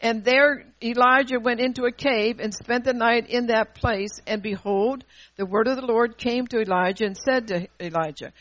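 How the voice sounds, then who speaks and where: A woman preaching a sermon with call-and-response asides, swinging between loud bursts and hushed passages. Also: a little high, normal speed, no room sound, low-quality recording.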